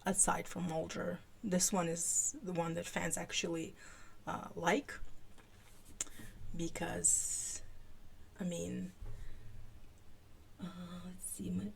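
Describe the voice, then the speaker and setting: A woman hosting a podcast, giving a live fan fiction reading with an animated delivery that turns halting in her asides. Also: lowish voice, creaky.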